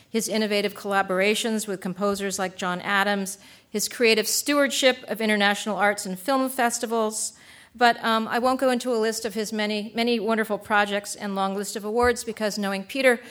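Brief: woman host, mid-pitched, steady announcing tone, formal intro to an evening talk. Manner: steady, announcing, with small filler pauses. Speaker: event host introducing speakers.

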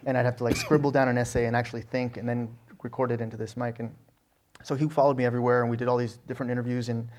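A middle-aged man from Alabama talks quickly in a fairly level tone. He tells stories in an interview and keeps stumbling into restarts and "you know"s. He sounds like a guest chatting easily. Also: medium pitch. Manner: animated storyteller with frequent restarts and "you know". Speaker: guest, novelist. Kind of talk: conversational interview answers.

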